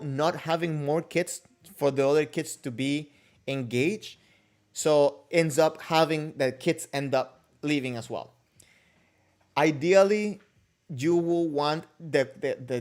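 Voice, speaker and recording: Rambling man hosting a livestream. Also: fairly high pitch. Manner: rambling, with frequent restarts and a joking tone. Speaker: kendo livestream host. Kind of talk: casual livestream chat answering viewer comments.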